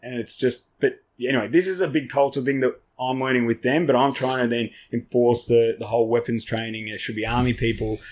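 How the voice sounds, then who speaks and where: A man's voice: mid-range voice, fairly quick, few pauses. Swearing Australian man telling war stories. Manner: animated, swears freely, acts out the people in his stories. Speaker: podcast guest, army veteran. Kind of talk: casual storytelling chat.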